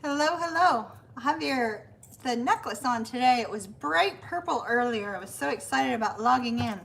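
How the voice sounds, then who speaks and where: Bright-voiced woman chatting on a livestream. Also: a little high, animated, normal speed, gravelly. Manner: chatty, greets viewers by name, laughs often. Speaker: tarot reader hosting a livestream. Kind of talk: casual livestream chat. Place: her apartment, indoors.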